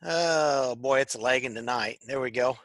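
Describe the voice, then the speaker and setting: Bright-voiced rambling male co-host. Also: medium pitch, unhurried, no room sound. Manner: rambling, repeats words often. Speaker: podcast co-host. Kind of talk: casual chat. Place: tech shop.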